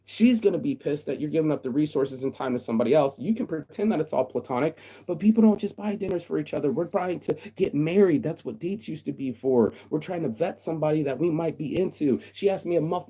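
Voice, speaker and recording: A man's voice: on the high side, animated, fast talker, hardly any pauses, dark tone, breathy edge. A man delivering a blunt, profane rant straight to the camera in a casual vlog. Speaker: vlogger.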